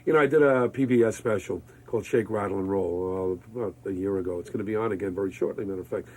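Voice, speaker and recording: A man, telling lively stories as a guest in an interview. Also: lowish voice, quick pace, a little hiss or hum, rough recording. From Brooklyn, New York. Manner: energetic, exuberant storyteller. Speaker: radio disc jockey, guest. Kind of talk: interview conversation.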